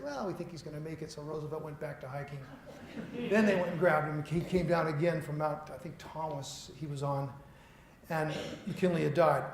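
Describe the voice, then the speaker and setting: A middle-aged man delivers a conference keynote in a roomy lecture hall, with faint noise behind him. His voice sits a little high for a man, and he talks in a loose, storytelling way that pokes fun at himself. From Seattle. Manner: conversational, self-deprecating storyteller. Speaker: keynote speaker.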